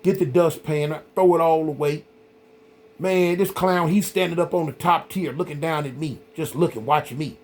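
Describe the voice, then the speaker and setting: A middle-aged man hosting a vlog, telling a story in a casual, rambling, animated way, full of "man" and "y'all". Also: fairly high pitch, moderate pace. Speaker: vlog host.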